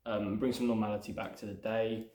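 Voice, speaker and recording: A man with a fairly low voice casually talks through his own screenplay scene by scene. His delivery is loose and rambling, padded with "sort of" and "you know". The sound is roomy, with a clear echo around him. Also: little pitch movement, fast talker, darkish tone. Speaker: screenwriter and channel host. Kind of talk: casual script breakdown to camera.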